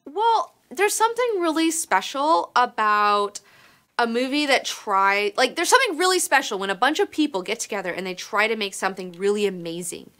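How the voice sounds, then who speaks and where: A young woman from Alabama, hosting a casual live stream, animated and profane, jumping from loud excitement to mumbled asides. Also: a little high, normal speed, rough recording. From Alabama, United States. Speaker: host.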